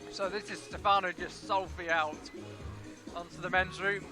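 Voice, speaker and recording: High-pitched man calling live climbing. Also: fairly even intonation, over music. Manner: brisk play-by-play, reeling off rankings and points. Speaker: lead commentator. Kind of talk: live sports commentary.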